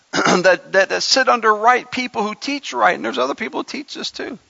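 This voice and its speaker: Male pastor, high and gravelly, bright edge, preaching with emphasis and humor, slightly dull recording. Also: no room sound. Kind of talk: sermon.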